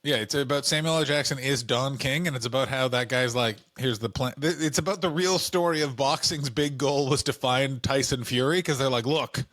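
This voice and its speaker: A man's voice: medium pitch, a little fast, hardly any pauses, a bit bright, no echo. A man co-hosting a comedy podcast, chatting loosely and joking, often slipping into silly put-on voices. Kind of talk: casual comedic chat.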